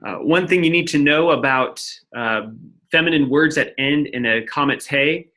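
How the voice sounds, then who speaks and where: A man's voice: fairly high pitch, normal speed, bright, forceful tone. A man teaching a lecture-style lesson, explaining step by step and often checking in with "right?". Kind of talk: recorded lecture at a whiteboard.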